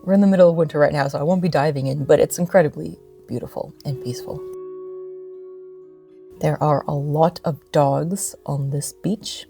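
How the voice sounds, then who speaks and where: Low, gravelly American woman vlogger. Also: fairly even intonation, normal speed, mellow, soft background music. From United States. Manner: playful, self-mocking. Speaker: vlogger host. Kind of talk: casual vlog narration. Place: outdoors by the sea.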